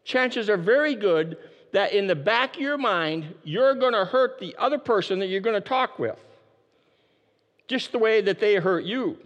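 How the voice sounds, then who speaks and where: A man preaching a sermon, emphatic and repeating his key phrases, dropping his voice low to stress a point. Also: lively intonation, moderate pace, a bit bright, long reverb tail, dull audio. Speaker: pastor.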